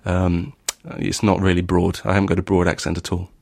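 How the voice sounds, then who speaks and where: A man's voice: deep voice, completely flat delivery, brisk, creaky, darkish tone. A man with a mild northern English accent, hosting a podcast in casual chat, often restarting his sentences with ums. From northern England. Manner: hesitant, many restarts and ums. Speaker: podcast host and novelist.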